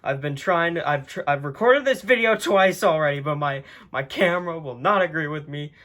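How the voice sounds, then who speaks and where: Recorded on a phone, a man hosts a video and casually reads a children's book aloud, often tripping over words and chuckling along the way. His voice is on the high side, pushed and bright, at a normal speed.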